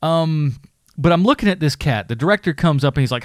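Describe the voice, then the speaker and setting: A man's voice: on the high side, animated, a little fast, dry recording, clean studio sound. Profane rambling man on a podcast. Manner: profane, rambling, laughs often. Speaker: podcast co-host. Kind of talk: casual film review chat.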